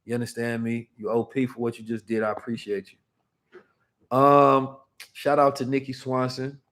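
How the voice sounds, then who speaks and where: A man talks loosely to his livestream audience about money, checking in with "right?" and "you understand me?" as he goes. His pitch sits in the middle for a man. He speaks off the cuff, in the easy manner of a host answering viewers live. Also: level tone, unhurried, fairly bright tone. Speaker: livestream host teaching finance. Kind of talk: casual livestream talk.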